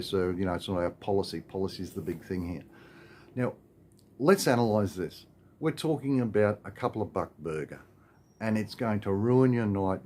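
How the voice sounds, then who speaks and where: A man's voice: on the low side, a little mellow, a little hiss or hum. A man with an Australian accent, ranting in a rambling, exasperated way with lots of filler and restarts. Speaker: vlogger. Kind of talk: casual ranting monologue.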